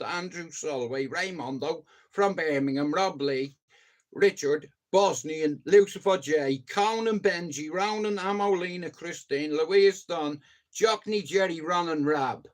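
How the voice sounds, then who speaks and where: A man with a Dublin Irish accent ranting in a casual vlog, swearing freely and swinging between loud bursts and low mutters. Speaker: YouTuber.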